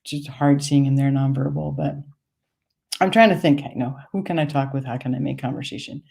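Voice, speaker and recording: A woman's voice: very deep voice, steady tone, brisk, gravelly, a little mellow. A woman from Maine telling a wry, conversational personal story on stage. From United States, Maine.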